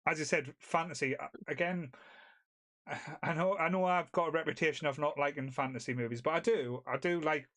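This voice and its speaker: Rambling Northern English man, slightly high. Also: fairly quick, fairly bright tone. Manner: rambling, filler-heavy, hesitant restarts. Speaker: podcast co-host. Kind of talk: casual film discussion chat.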